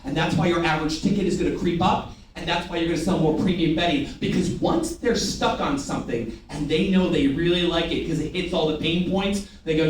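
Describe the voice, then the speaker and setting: High-voiced man leading echoey sales training. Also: fairly quick, hardly any pauses. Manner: energetic, rhetorical questions, call-and-response with the room. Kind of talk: live sales training demonstration. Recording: echoey room from far off, faint noise.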